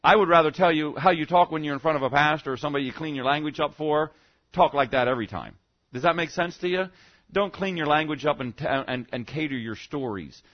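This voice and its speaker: This male pastor speaks quickly in a slightly high voice, and the recording sounds muffled. At a church service, he delivers a loose, conversational sermon packed with rhetorical questions and frequent "okay?" checks aimed at his listeners.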